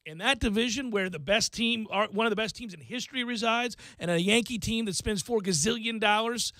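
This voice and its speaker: Man, sports radio host, high voice, jokey and excitable, dry studio sound. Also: a little fast, no room sound. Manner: excitable, jokey, rattles off stats. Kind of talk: casual sports talk.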